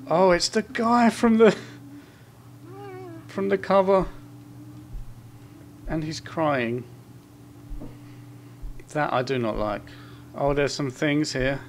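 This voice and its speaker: A man giving horror game commentary, muttering asides to himself and reading in-game notes aloud in quick bursts. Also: mid-range voice, slight background noise. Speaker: gameplay commentator.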